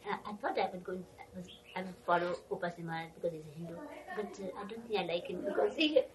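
A woman's voice: on the low side, very fast, distant mic, crowd noise, natural voice, rough recording. A woman voicing a timid, earnest devotee. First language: not English.

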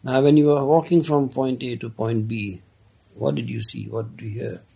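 Man doing a stern king, imperious, commanding, gravelly voice, husky tone. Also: mid-range voice, steady tone, moderate pace, dark tone. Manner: commanding, threatening. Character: stern, imperious male king feigning anger.

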